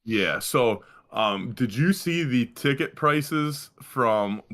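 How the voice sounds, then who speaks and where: A man's voice: mid-range voice, lively intonation, slow, fairly bright tone. A young man co-hosting a podcast, rambling casually about sports with lots of restarts. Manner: rambling, profane, full of restarts. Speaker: podcast co-host.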